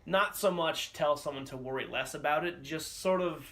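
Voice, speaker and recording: A young adult man co-hosting a podcast, giving laid-back advice in halting phrases. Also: on the high side, sharp tone. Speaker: podcast co-host. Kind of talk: casual podcast chat.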